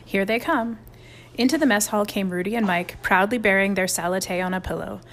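Woman reading a kids chapter book, lively and expressive, middle pitch, bit of faint hiss. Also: fast. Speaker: audiobook narrator. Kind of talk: storybook narration.

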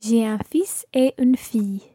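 A woman's voice: a little high, warm tone, husky, dry recording, clean studio sound. A woman taking part as a learner in a podcast language lesson, carefully repeating phrases. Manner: careful, unhurried repetition of phrases.

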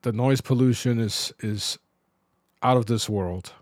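A middle-aged man from New York talking alone on his podcast, reflective and halting, pausing and restarting as he loses his thread. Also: medium pitch, no room sound, clean studio sound. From New York, Bronx. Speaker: podcast host. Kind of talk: personal podcast monologue.

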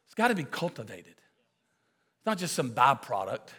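A male pastor preaching a sermon full of comic stories, with excitable shouting bursts and quick asides. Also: mid-range voice, breathy edge. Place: church auditorium. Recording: preaching in a large echoing hall with audience.

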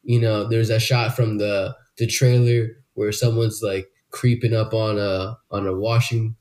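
A man's voice: on the low side, level tone, unhurried, darkish tone. A man hosting a casual movie review podcast, talking in a loose, rambling way with frequent swearing. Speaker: podcast host.

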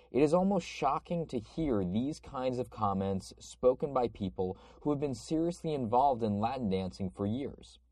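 Male podcast host, a bit sick, reads aloud; lowish, warm, dry. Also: dry recording. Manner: conversational, reading steadily. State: has a cold. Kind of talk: reading an article aloud.

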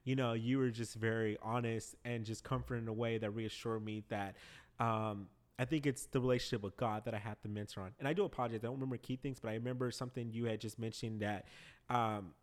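Pria pembawa podcast yang bicara terus terang. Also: male voice, medium pitch, steady tone, fast. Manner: candid, laughs when emotional. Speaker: podcast host. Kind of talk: casual podcast conversation.

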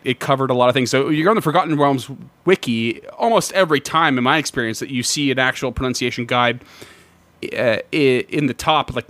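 A man's voice: mid-range voice, fairly bright tone, dry recording. A man co-hosting a casual podcast chat, talking with many fillers and restarts and laughing often. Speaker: podcast co-host.

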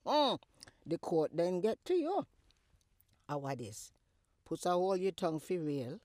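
A woman voicing a sharp-tongued older Jamaican mother who scolds and teases her grown daughter in a comedy skit. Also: lowish voice, very animated, unhurried, no room sound, studio quality, pitched below the performer's own voice. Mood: mocking scolding. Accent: Jamaican patois. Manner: teasing, scolding, big swoops and cackles.

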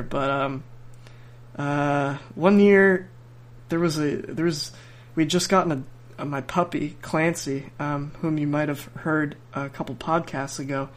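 A man's voice: on the high side, fairly bright tone. A young adult man hosting a podcast, telling a casual story in a rambling way with frequent restarts and bursts of laughter. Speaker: podcast host.

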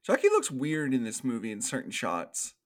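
A man co-hosting a casual movie review podcast, animated and profane, acting out scenes in quoted voices. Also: mid-range voice, normal speed. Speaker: podcast co-host.

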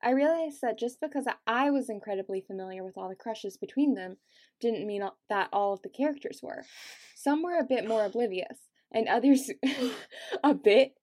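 A woman's voice: fairly high pitch, dark tone. A woman co-hosting a podcast, chatting casually and reading passages aloud, tired and often breaking into giggles. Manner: giggly, reads with dramatic asides. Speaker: podcast co-host.

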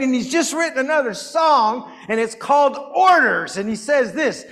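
A man giving an animated, folksy church teaching and asking the congregation questions. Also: very high-pitched, normal speed, hardly any pauses, big-room sound. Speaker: lay preacher. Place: church sanctuary.

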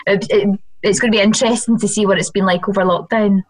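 A woman's voice: mid-range voice, fairly even intonation, quick pace, slightly rough. A Scottish woman, a radio presenter guesting on a podcast, chatting in a self-deprecating way. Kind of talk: casual chat.

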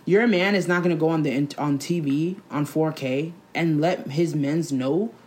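A young woman with a lowish voice chats casually as a podcast co-host. She talks bluntly and with animation, leaning on "like" between thoughts. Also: moderate pace, darkish tone. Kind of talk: casual chat.

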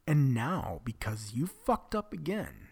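A man telling a personal story in a candid, confessional way, often dropping to a breathy near-whisper and swearing bluntly. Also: medium pitch, huge pitch swings, slow pace, darkish tone. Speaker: vlogger telling his own story.

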